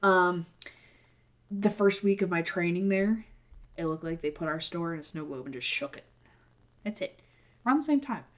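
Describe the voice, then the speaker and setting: Recorded in a half-unpacked apartment, a woman co-hosts a podcast, rambling casually through anecdotes and swearing freely. Her lowish voice has lively intonation and a moderate pace broken by long pauses.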